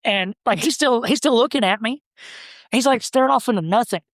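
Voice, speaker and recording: A man, a podcast guest telling stories about his brother in a halting, rambling way. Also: very high voice, a bit bright, no echo, studio quality. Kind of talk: casual storytelling.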